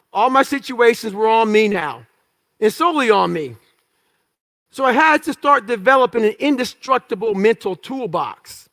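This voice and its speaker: In a motivational talk to an audience, a man shares blunt, profanity-laced stories from his life and voices the other characters as he quotes them. He has a very high voice with vocal fry and a fairly bright tone.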